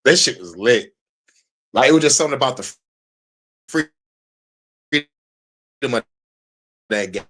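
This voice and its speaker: Man, 30s, podcast host: casual, profane and excitable, laughs easily. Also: mid-range voice, a little slow, long pauses. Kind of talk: casual chat.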